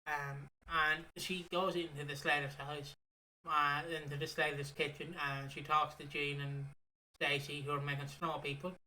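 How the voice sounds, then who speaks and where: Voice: mid-range voice, little pitch movement, normal speed, a little hiss or hum. A podcast co-host, casually recapping a soap opera in a rambling, swearing chat. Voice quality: bright, rambling with fillers and swearing.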